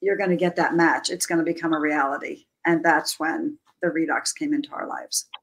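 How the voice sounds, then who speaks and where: A woman guest in a casual interview, telling a story in a gentle, reflective way. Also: low-pitched, steady tone, a little fast, low-quality recording.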